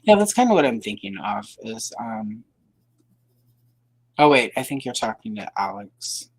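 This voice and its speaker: A woman's voice: rumbling low, big pitch swings, a little slow, slightly rough, no room sound, poor audio. A woman hosting a livestream, chatting casually in a rambling, hedging way with dry sarcasm. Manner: rambling, hedging, full of fillers and self-corrections. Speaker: livestream host.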